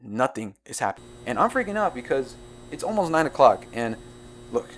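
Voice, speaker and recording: A young man narrating a storytime video in an excitable, jumpy way, full of quick asides. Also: medium pitch, a little hiss or hum. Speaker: storytime YouTuber.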